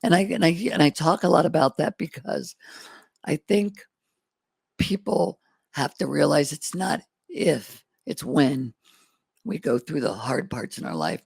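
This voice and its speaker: Speaking at a measured pace with an animated, slightly high voice, this middle-aged guest entrepreneur shares candid life stories. He is earnest and folksy, reenacting old exchanges as quotes, and his voice has vocal fry and some roughness on a dry recording.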